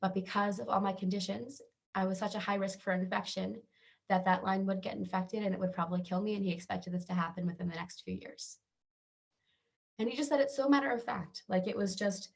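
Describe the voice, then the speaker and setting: A woman's voice: mid-range voice, steady tone, fairly quick, gravelly. A woman from Georgia, telling her personal health story to camera in an earnest, conversational way. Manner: earnest storytelling, acts out quoted voices. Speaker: wellness channel host.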